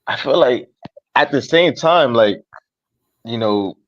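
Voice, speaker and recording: A man from the United States calling into a livestream, talking casually and haltingly, often pausing to search for words. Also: medium pitch, animated, fairly bright tone, dull audio. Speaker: caller on a livestream. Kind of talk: casual chat.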